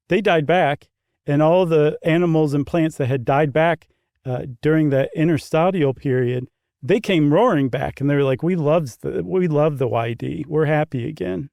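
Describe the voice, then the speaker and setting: A man's voice: fairly high pitch, darkish tone, clean tone, dry recording, studio quality. A man co-hosting a casual podcast, explaining things in an easygoing, chuckling way with loose asides. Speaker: podcast co-host. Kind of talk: casual conversational podcast chat.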